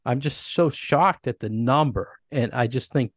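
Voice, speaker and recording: A man's voice: mid-range voice, a little slow, dry recording, clean studio sound. Easygoing man co-hosting a podcast. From United States. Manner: easygoing, rambling with restarts. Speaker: podcast co-host. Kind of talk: casual chat.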